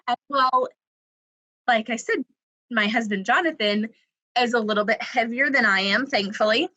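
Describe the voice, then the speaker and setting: A woman's voice: on the high side, normal speed, bright, forceful tone, no room sound, poor audio. A young woman from the American South, telling a funny personal story in a chatty way, full of "like" and laughing as she goes. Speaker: creative writing coordinator. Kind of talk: casual storytelling.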